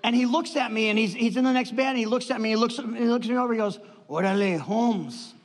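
Male preacher, high-pitched, storytelling sermon style, animated delivery, long hall echo. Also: quick pace. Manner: animated storytelling, acts out quotes.

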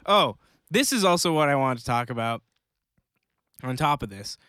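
A man co-hosting a casual podcast chat about comics news, joking and chatty with quick asides. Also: mid-range voice, sing-song, bright, forceful tone, clean tone, no room sound, clean studio sound. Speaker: podcast co-host.

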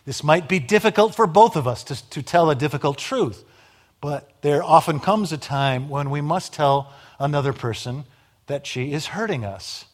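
A man delivering a sermon in a slightly higher-than-average voice. He swings between loud emphatic lines and hushed, low passages, with dry wit along the way. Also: lively intonation, moderate pace. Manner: emphatic, dramatic rises and drops in volume; wry humor. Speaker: preacher.

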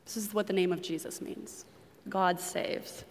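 A woman from New England delivers a sermon in a relaxed, explanatory way and turns to her listeners with questions now and then. Her voice sits at an ordinary middle pitch for a woman. A long reverb trails off each phrase, as in a large church. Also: unhurried. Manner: conversational teaching, asks the congregation questions. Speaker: preacher.

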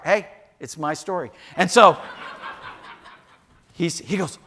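Lively high-voiced older pastor. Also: male voice, unhurried, long pauses. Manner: animated storytelling with asides to the congregation. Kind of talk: sermon. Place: church sanctuary.

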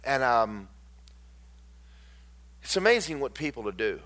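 A man preaching a sermon, swinging from loud declarations to hushed, tender storytelling. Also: medium pitch, sing-song, measured pace.

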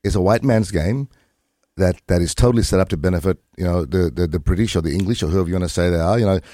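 A man with an Australian accent giving a passionate interview, full of quick restarts and dry humor. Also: sits low, mellow, no room sound. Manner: fast, repetitive restarts, wry humor. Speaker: guest.

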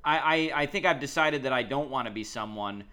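A man's voice: mid-range voice, a little fast, sharp tone. A man co-hosting a podcast in casual chat, rambling with lots of ums and uhs. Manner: rambling, hesitant with many fillers. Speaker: podcast co-host.

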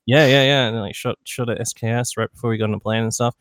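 A man's voice: mid-range voice, fairly even intonation, fast, dry recording, clean studio sound. A young Australian man, a podcast guest, telling a rambling, profane story in casual chat. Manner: rambling, profane, with loud mimicked shouts.

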